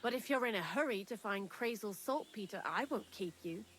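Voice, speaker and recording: Fairly quick and a bit bright, a woman's expressive mid-range voice brings to life a video game character: a talkative young woman hiding in a thieves' lair. The dialogue is chatty, candid and dryly morbid.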